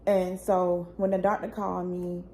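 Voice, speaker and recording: A woman's voice: fairly low pitch, little pitch movement, normal speed, a little mellow, a little hiss or hum. A young woman, telling her own painful family story in a raw, tearful, pleading way that rises when she gets upset. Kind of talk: emotional personal storytelling.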